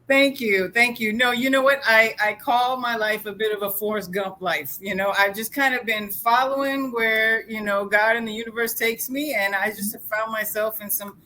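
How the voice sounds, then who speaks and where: Animated woman guest speaker. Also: fairly high pitch, moderate pace, hardly any pauses. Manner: animated, storytelling. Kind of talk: motivational talk.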